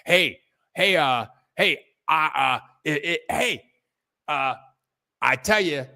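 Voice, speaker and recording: A man hosting a casual livestream, rambling in a halting, repetitive way, thanking viewers and restarting his sentences as he chats from his computer at home. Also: fairly high pitch, expressive, gravelly, sharp tone. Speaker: livestream host reading viewer donations.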